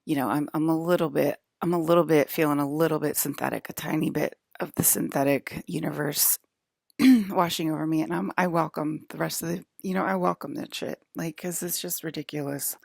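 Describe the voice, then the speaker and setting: A woman's voice: deep voice, steady tone, a little fast, vocal fry, a little mellow, dry recording, studio quality. A woman in a casual, rambling vlog monologue, ranting with exasperation and filling her talk with "like" and restarts. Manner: filler-heavy, frequent "like", restarts. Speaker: vlogger.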